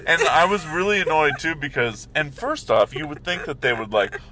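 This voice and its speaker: A man's voice: on the high side, lively intonation, normal speed, sharp tone, a little hiss or hum. A man in casual chat, telling a rambling story with lots of fillers and restarts.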